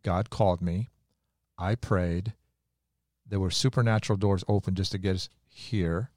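A pastor with a low voice talks through a personal story in an earnest, confessional way. The sound is dry and close, with no room around it. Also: male voice, steady tone, a little slow, a little mellow, no echo. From United States. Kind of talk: conversational faith talk.

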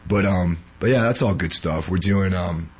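A man's voice: deep voice, moderate pace, slightly rough. A man hosting a podcast, still sick and sounding weak, talking casually with lots of fillers. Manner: rambling, filler-heavy. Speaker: podcast host.

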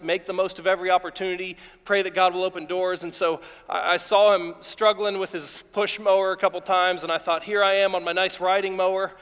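Pastor, male, from Ohio; high voice, animated storyteller, reverberant large hall. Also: smooth. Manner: animated storytelling preacher, acts out yelling at his dog. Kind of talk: sermon.

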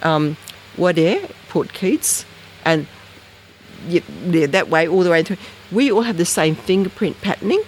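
An Australian researcher telling a story in casual, rambling talk, acting out conversations with big jumps in pitch. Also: lively intonation, a little slow, a little hiss or hum. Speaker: interviewee, researcher.

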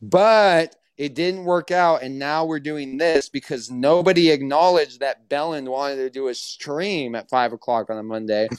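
A man hosting a casual livestream who rants in playful indignation and swears freely. His voice sits a little high, and the sound is dry and close. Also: unhurried, hardly any pauses, clear, resonant tone, no echo. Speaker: stream host.

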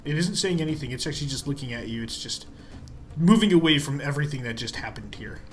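A man narrating as game master of a tabletop game, rambling and halting with many fillers. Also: medium pitch, expressive, soft background music.

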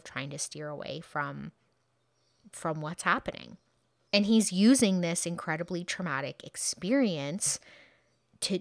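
A woman's voice: lowish voice, no echo, clean studio sound. A woman hosting a true crime podcast, recounting a case in a casual, conversational way with frequent asides and fillers.

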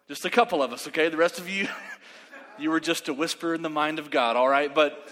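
Man, preacher, bright forceful voice, animated storytelling, echoing hall. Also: a little high, brisk. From West Texas. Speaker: pastor. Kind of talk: sermon with storytelling. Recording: reverberant hall.

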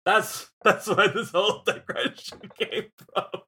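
A man's voice: high voice, fairly even intonation, slow pace, sharp tone, husky. A young man co-hosting a casual film podcast, telling rambling stories and laughing as he goes. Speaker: podcast co-host.

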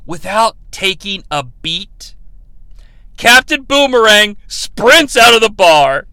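A man's voice: high-pitched, big pitch swings, slow, bright, forceful tone, clean tone, dry recording. A man recapping a movie in a sarcastic comic style, acting out the characters' lines as he goes. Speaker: comedy podcast host.

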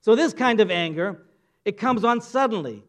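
A male preacher gives a playful, conversational sermon, often tossing questions to the congregation. His high voice is expressive and moves at a moderate pace.

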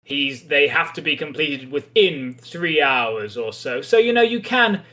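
Discussing a comic on his podcast, a male host comes across as chatty and thoughtful with a touch of wryness. His slightly high voice is expressive and sharp, and he keeps a measured pace.

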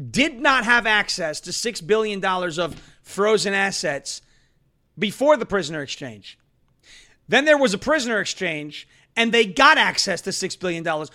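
Loud fast-ranting male political host. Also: high voice. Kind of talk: political commentary show.

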